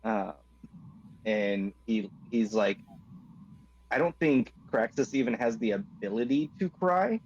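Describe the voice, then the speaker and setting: A man's voice: fairly low pitch, expressive, unhurried, pauses often, a little mellow. A man playing a tabletop game in casual chat, rambling with many fillers and some swearing. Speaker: player. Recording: dull audio with faint noise.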